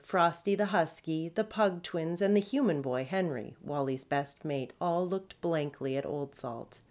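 A woman's voice: low-pitched, darkish tone. A woman author reading her children's chapter book aloud, expressively. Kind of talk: children's storybook read-aloud.

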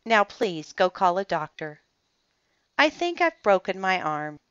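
A woman voicing a kind, orderly woman librarian who is gentle but prim about the library rules, in a storybook read-aloud. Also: mid-range voice, very animated, measured pace, clean tone, no room sound. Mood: gentle, calm. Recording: dull lo-fi, dry sound.

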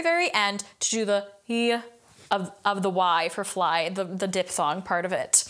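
A woman's voice: fairly high pitch, fairly bright tone. A young adult woman giving a singing lesson as a vocal coach, explaining a point and then singing it to show how it sounds. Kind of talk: singing lesson with sung demonstrations.

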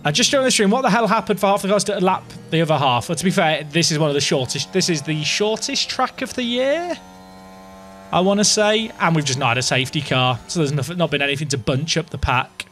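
Excitable man streaming a game. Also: on the high side, fast talker, soft background music. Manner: excitable, dramatic, self-mocking chatter to viewers. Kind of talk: live gameplay commentary.

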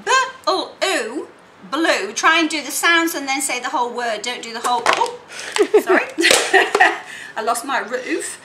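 A woman teaching phonics, sounding out words slowly in separate sounds and playing with toys. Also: high voice. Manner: animated and playful with children's toys. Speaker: literacy teacher. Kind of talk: teaching demonstration. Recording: echoey room, faint noise.

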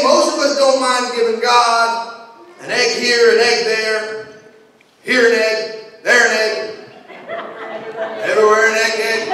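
A male pastor preaching in a joking, conversational way, his voice sitting high for a man. He is heard from well back in a big hall, the long reverb washing around every line. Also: noisy background. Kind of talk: sermon. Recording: echoey hall, mic far off.

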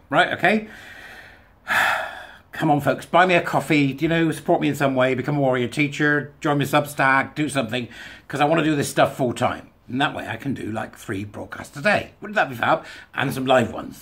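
A man sits at his mic and reads a newspaper piece aloud, then stops to tear into it. His delivery is animated and sarcastic, blunt and opinionated. His voice sits at an ordinary middle pitch. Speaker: host of a commentary channel. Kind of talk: reading and commenting on a news article.

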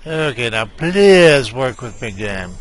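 A man's voice: mid-range voice, very animated, takes it slowly. A man giving casual, rambling commentary on a game he is playing at his computer, hesitating often with "uh" fillers. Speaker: let's play gamer.

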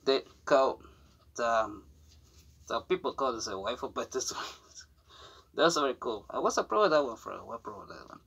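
A man's voice: medium pitch, lively intonation, creaky, fairly bright tone, breathy edge. A young man chatting to camera about a new jacket, his English broken and non-native. He rambles, trips over his words, restarts often and giggles between phrases. The talk is loose and unscripted, like a casual unboxing vlog. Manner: rambling, halting, with frequent fillers, restarts and giggles. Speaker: vlogger showing off a new jacket.

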